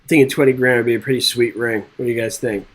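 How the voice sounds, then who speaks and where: This real estate exam instructor talks rapid-fire in a medium-pitched, fairly even, slightly bright voice during a live exam-prep webinar. Upbeat and jokey, he reads quiz questions and chats with viewers, though the recording quality is low.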